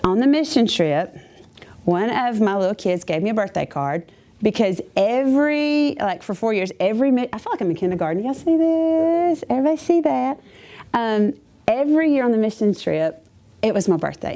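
Mellow-voiced woman teacher sharing her testimony. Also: mid-range voice. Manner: chatty, self-deprecating and humorous, with many asides. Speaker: schoolteacher. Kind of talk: personal faith testimony to a live audience.

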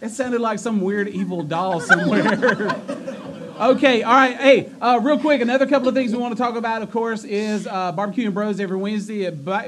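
High-pitched joking youth pastor. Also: male voice, brisk, slight background noise. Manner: joking, energetic, stumbles and teases the audience. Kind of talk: announcements and hosting a church youth event. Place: church youth room with a live audience.

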